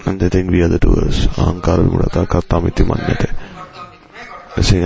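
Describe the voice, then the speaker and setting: Male preacher, very low voice, devotional sermon, measured delivery, slightly muffled recording. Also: monotone, creaky, dark tone. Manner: measured, with Sanskrit and Hindi terms woven in.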